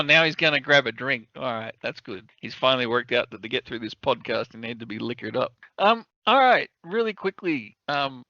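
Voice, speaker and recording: A man's voice: mid-range voice, gravelly, sharp tone, no room sound, muffled recording. A man hosting a podcast chat, joking and teasing his panel as he asks each for a view. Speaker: podcast host. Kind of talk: casual chat.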